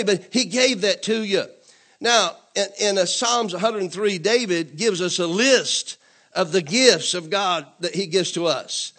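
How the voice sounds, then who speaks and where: A man with a notably high voice delivers a church sermon. He calls on the congregation for amens and repeats his points, swelling to emphatic declarations. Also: measured pace. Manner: call-and-response preaching, asks congregation to say amen; repetitive, emphatic, rising to louder declarations. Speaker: preacher.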